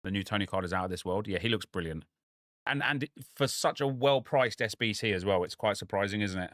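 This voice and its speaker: Laid-back streamer, dry mic. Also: male voice, lowish voice, a little fast, no echo. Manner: relaxed, chatty, reacting to the match and to viewers. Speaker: gaming streamer. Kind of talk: casual live gameplay commentary.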